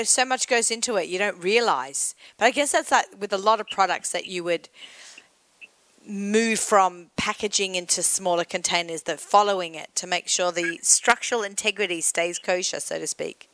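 A woman's voice: mid-range voice, moderate pace, a bit bright, no echo. A woman hosting an interview, chatting casually and enthusiastically with her guest. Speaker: podcast host.

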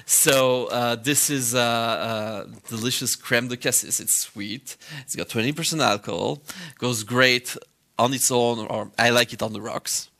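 A man talks about wines as a podcast guest. His voice is bright, and he often stops with fillers while he explains. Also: mid-range voice, unhurried. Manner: hesitant, many fillers, explanatory. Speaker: wine guest. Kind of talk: casual chat.

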